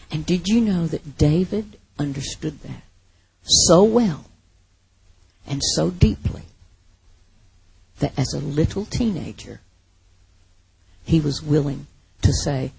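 A woman preaching a sermon, slow and dramatic, swinging from loud to whispered. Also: low-pitched, expressive, creaky, breathy edge.

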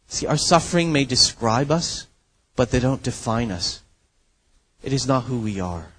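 A man's voice: medium pitch, lively intonation, unhurried, fairly bright tone, dry recording, poor audio. A man preaching a sermon as pastor, earnest and emphatic, often checking in with the listeners. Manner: earnest, emphatic preaching with frequent "right?" asides.

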